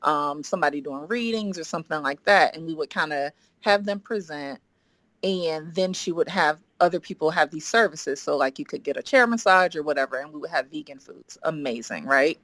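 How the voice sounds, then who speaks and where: Lively woman telling a story, low voice. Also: brisk, no echo. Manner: lively, quotes herself and others in acted voices, frequent "like". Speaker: podcast guest. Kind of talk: animated storytelling in conversation.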